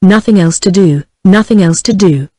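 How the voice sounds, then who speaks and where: A woman's voice: medium pitch, moderate pace, warm tone, breathy edge, no echo. Synthetic female voice reading an anxious, pleading young wife. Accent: British English. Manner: earnest and imploring. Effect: text-to-speech voice.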